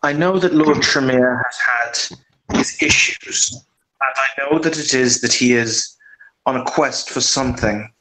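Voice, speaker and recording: A man's voice: mid-range voice, bright, forceful tone, rough recording. A man playing a weary, commanding mage lord. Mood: troubled. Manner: weary, measured, formal. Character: tall, powerful, authoritative male mage leader.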